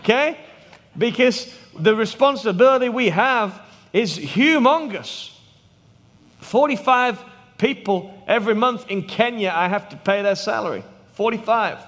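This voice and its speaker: A man's voice: high voice, animated, a little slow. British man preaching in a reverberant hall. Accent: British English. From England. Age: 30s. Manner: storytelling, drops to hushed tones for effect. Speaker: missionary preacher. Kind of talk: sermon.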